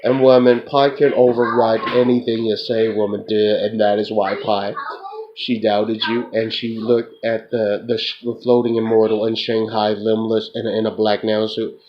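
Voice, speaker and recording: A man's voice: fairly low pitch, little pitch movement, normal speed. A man in a rambling, profane monologue, talking to an unseen listener and tacking "duh" onto his sentences. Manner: repetitive, profane, tacks on "duh". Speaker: self-described remote viewer. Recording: muffled lo-fi with loud hiss.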